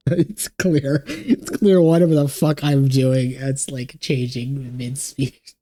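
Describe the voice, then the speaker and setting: A man's voice: mid-range voice, slow, mellow. A man streaming a video game, joking and swearing about his sore throat from doing voices. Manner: joking, self-mocking, swears freely. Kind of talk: casual game stream commentary.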